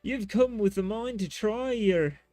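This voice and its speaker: A man voicing a rough-spoken male tavern keeper in a game, stumbling folksily over the lines. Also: high voice, unhurried, dark tone, no room sound, soft background music, voice pushed up. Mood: hearty.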